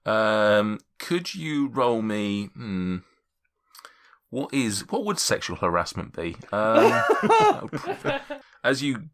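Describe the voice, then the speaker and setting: A man's voice: fairly low pitch, big pitch swings, drawn-out words, a bit bright. A man acting as game master, narrating a tabletop game with lots of fillers and restarts. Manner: rambling, with many fillers and restarts.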